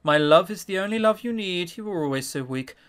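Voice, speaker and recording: A man voicing a cold, possessive mother in a visual novel, speaking low, soft and sinister. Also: expressive, fairly quick, clear, resonant tone. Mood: menacing.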